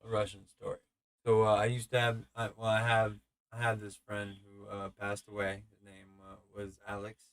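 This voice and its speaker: This man in his thirties hosts a podcast by himself, telling rambling, profane stories full of stammers and restarts. His voice is fairly low and a bit bright, with a level tone and moderate pace, and there's no room sound.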